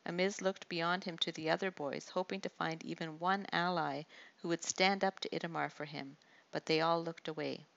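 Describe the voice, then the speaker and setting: A woman reads a story aloud in steady audiobook style. Her voice is low and gravelly, with noticeable fry. The recording sounds dull and lo-fi. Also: normal speed. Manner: steady storytelling with small slips. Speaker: narrator. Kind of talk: audiobook narration.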